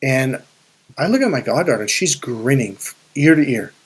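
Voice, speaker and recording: A man's voice: medium pitch, animated, normal speed, slightly rough. A man coaching viewers through a casual, rambling story, swearing freely and restarting his sentences often. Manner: profane, rambling, with frequent restarts. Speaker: spiritual and life coach.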